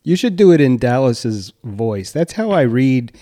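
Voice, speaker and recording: A man's voice: mid-range voice, sing-song, measured pace, dark tone. A man co-hosting a political podcast in a thoughtful, easygoing way. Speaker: podcast co-host. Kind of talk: casual political podcast chat.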